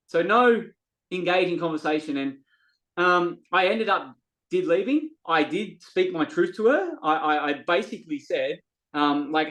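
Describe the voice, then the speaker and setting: A middle-aged man with a high, unhurried voice tells a story as a podcast guest, chatting casually and acting out what people said. He's animated and restarts often. The audio quality is poor.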